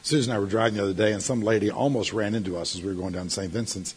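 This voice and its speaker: A middle-aged male pastor delivering a sermon, telling stories and breaking into sudden loud outbursts. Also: fairly low pitch, fairly even intonation, rapid-fire, husky.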